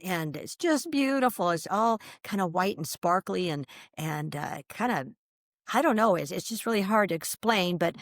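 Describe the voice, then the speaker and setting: A woman's voice: mid-range voice, no room sound, studio quality. A middle-aged woman, a podcast guest, telling her own story animatedly with many fillers and restarts. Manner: expressive, many fillers and restarts, laughs mid-sentence.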